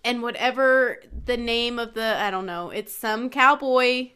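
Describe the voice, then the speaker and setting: A woman's voice: fairly high pitch, measured pace, bright, forceful tone, clean tone. A woman co-hosting a podcast in casual chat, chatty and rambling, trailing off and restarting her stories. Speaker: podcast co-host.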